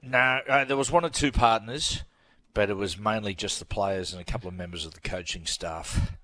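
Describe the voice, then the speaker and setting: Radio guest: man, low voice, rambling anecdotal storyteller, dry sound. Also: normal speed, sharp tone, no room sound. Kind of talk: casual radio chat.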